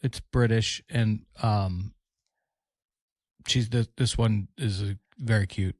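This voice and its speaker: A man's voice: lowish voice, steady tone, takes it slowly, no room sound, clean studio sound. A man hosting a podcast, chatting casually with rambling, joking asides. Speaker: podcast host. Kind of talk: casual chat.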